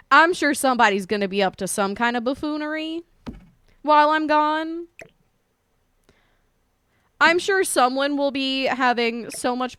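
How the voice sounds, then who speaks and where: A woman's voice: high voice, a bit bright. A woman live streamer chatting casually with her viewers, playful and profane.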